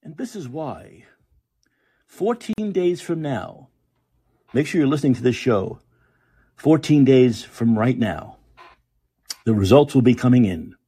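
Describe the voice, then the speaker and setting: A man's voice: mid-range voice, animated, measured pace, long pauses, dark tone, breathy edge. A man hosting a podcast, ranting angrily and sarcastically with lots of swearing. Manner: angry, profane, sarcastic ranting. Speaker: podcast host. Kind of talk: ranting political commentary.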